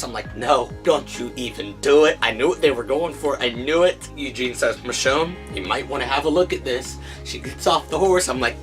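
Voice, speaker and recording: A man hosts a comic book show, telling each plot with energy and jumping into the characters' lines. His voice sits at an ordinary middle pitch. Faint music plays underneath. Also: moderate pace, hardly any pauses. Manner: animated retelling, acting out characters' lines. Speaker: comic book review host. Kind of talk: casual chat recapping comics.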